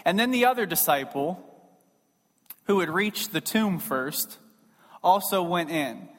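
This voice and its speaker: A man's voice: high voice, animated, a little slow, a bit bright, in a large hall. A man preaching a sermon to his congregation in a casual, emphatic way, slipping into acted asides. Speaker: pastor.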